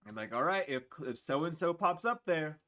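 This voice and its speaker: A man's voice: a little high, normal speed. A man in his twenties giving a casual spiritual reading to camera, blunt and profane, tired and with the hiccups. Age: 20s. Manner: blunt, profane, animated, acts out other people's voices. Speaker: tarot reader. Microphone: camera mic.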